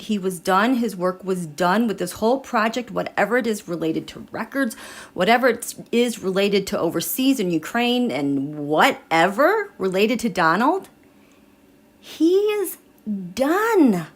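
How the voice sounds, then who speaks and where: A middle-aged woman hosting a tarot and astrology livestream in casual live chat, emotional and halting, with frequent restarts. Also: on the high side.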